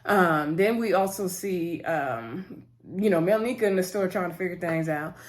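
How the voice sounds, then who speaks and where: A woman's voice: on the low side, normal speed. Chatty woman recapping a reality show. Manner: chatty, retells scenes by voicing the cast, many fillers and laughs. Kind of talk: casual recap with acted-out quotes.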